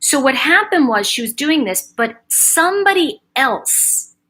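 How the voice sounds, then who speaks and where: Chatty, bright-voiced woman telling stories. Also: high-pitched, big pitch swings, measured pace. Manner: chatty, digressive, storytelling with quoted asides. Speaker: host, spiritual teacher. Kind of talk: casual commentary monologue.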